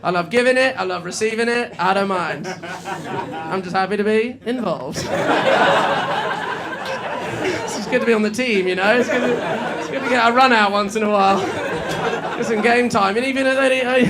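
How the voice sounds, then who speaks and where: A man's voice: very high voice, moderate pace. A man performing a stand-up comedy set on a club stage, chatty and self-mocking, often laughing and tripping over his words. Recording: live club audio with loud crowd laughter and noise.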